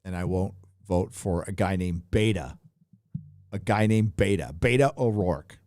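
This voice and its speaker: Middle-aged cali dude rambling and cussing on a live stream, mic in hand, dry sound. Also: male voice, deep voice, measured pace, darkish tone, dry recording. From California. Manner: loose, rambling and profane, with frequent filler. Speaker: live stream host reading super chats. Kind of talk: casual profane live-stream chat. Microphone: handheld mic.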